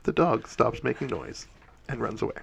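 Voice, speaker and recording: Man, game master, gravelly, wry, halting storytelling. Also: mid-range voice, animated, slight background noise. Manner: casual, wry, halting with fillers. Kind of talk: narrating a tabletop game.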